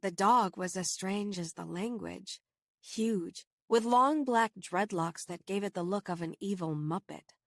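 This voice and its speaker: Brief: female audiobook narrator, mid-pitched, dry close sound, measured first-person telling. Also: dry recording. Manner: steady, measured storytelling.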